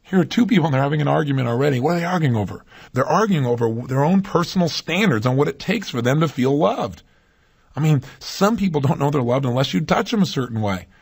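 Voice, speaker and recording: A man with a husky, rough-edged voice delivers a motivational talk at a brisk clip. He speaks with emphasis and keeps turning to the listener with rhetorical questions. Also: a little high, animated, a little mellow.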